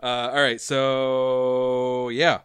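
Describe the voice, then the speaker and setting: A man narrating a tabletop game as game master, explaining rules and describing scenes with brisk fillers. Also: medium pitch, level tone, a bit bright, smooth, no room sound, studio quality.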